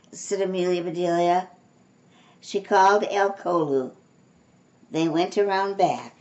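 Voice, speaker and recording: An older woman reading a children's storybook aloud in a slow, expressive way, giving voices to the dialogue. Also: lowish voice, lo-fi sound. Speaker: storybook reader.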